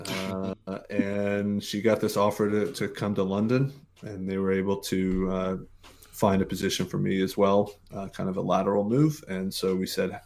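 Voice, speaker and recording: Deep and a little mellow, his voice stays flat at a normal speed. The speaker is a Mississippi man in his forties, an American podcast guest telling casual interview stories peppered with fillers and restarts.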